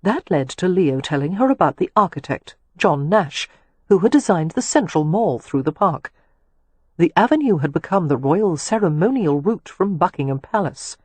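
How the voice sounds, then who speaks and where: A woman reading a romance novel aloud in measured, even scripted narration. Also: on the low side, slightly rough, no room sound. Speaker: audiobook narrator.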